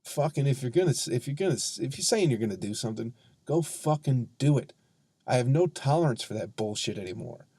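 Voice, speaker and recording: A man's voice: medium pitch, lively intonation, warm tone, no echo. Profane ranting man, dry close mic. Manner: profane, heated, sarcastic ranting with drawn-out emphasis. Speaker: comedian podcast host. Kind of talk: ranting solo podcast monologue.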